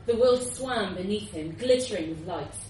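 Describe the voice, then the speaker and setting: A woman giving a lively, expressive live reading of a short story. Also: medium pitch, normal speed, a little hiss or hum. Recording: roomy, distant live recording.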